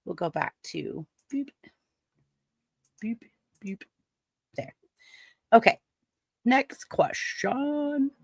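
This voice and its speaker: A woman's voice: on the high side, sing-song, drawn-out words, vocal fry, pauses often, dry recording. A woman hosting a casual chat, telling a story with laughter and acting out the lines she quotes. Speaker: stream host.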